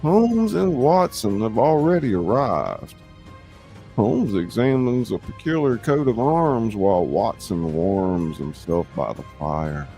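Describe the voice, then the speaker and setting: A man's voice: lowish voice, expressive, slow pace, dark tone, faint music behind. A man hosting and narrating a radio-play reading, chatting casually and rambling with lots of fillers. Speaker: host and narrator. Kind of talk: casual chat and script narration.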